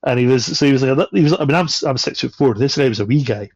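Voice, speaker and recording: A man's voice: medium pitch, fast, no room sound. A man on a podcast, telling a travel anecdote with swearing and laughter. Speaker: podcast guest. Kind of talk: casual storytelling. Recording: dull, lo-fi sound.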